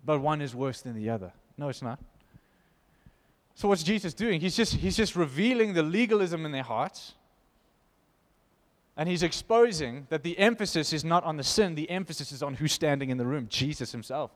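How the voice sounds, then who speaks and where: Male preacher, emphatic and lively, slightly high pitch, recorded with long hall reverb. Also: moderate pace. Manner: animated, emphatic, laughs between points. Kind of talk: informal sermon with scripture reading.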